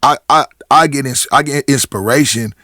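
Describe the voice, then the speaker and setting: A man's voice: medium pitch, moderate pace, sharp tone, no echo, clean studio sound. A middle-aged man from Portland, a rapper talking as a podcast guest in casual chat, telling stories with many restarts and acted-out quotes. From Portland, Oregon.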